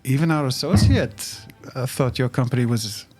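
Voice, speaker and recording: A man's voice: medium pitch, expressive, normal speed, a little mellow, faint music behind. A man playing his character in a tabletop game with playful banter. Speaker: player. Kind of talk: tabletop role-play.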